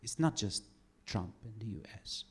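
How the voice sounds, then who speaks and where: A man doing a stand-up comedy set, telling his story with sardonic, animated delivery. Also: on the low side, normal speed, breathy edge.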